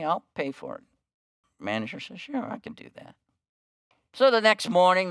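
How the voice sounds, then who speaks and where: A man preaching a sermon, telling a story with hushed quoted lines and rising emphasis. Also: on the high side, smooth, no echo, studio quality. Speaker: pastor.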